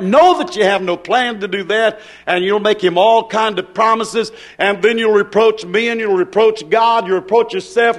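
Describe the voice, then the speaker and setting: A man preaching a sermon as pastor, with rising and falling emphasis, acting out the voices of people he quotes. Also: sits high.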